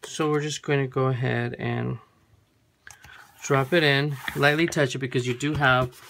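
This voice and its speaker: Gravelly-voiced crafter, chatty and self-correcting. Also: medium pitch, fairly even intonation, measured pace, heavy background noise. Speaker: craft tutorial host. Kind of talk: casual hands-on craft demo. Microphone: camera framing a work surface.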